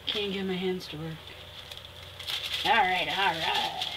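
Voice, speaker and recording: A woman's voice: on the low side, steady tone, takes it slowly, pauses often. A woman chatting casually through a craft tutorial, talking fondly to her viewers and laughing at herself. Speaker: craft vlogger. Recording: noticeable background noise.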